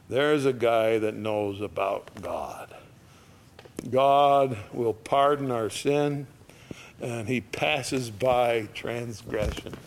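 This is a male pastor preaching slowly in a homespun style. His lines come back around again and again, and his voice suddenly swells at key moments.

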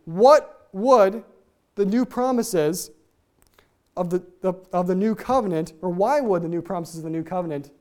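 A Bible teacher going through a passage verse by verse, talking very fast, tripping over words and repeating key points for emphasis. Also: mid-range voice, warm tone. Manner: talks very fast, trips over own words.

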